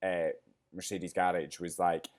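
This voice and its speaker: A man with a somewhat low voice hosts a casual podcast race review. He rambles excitably, and his voice turns teary and choked up as he talks. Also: unhurried. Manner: excitable, rambling, gets emotional. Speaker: podcast host.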